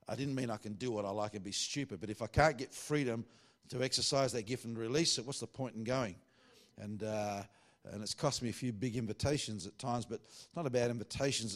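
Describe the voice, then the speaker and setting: A man preaches to a church meeting in a loose, conversational way, with self-mocking jokes along the way. His pitch sits in the middle of the male range. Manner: chatty, self-mocking, joking asides. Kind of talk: sermon.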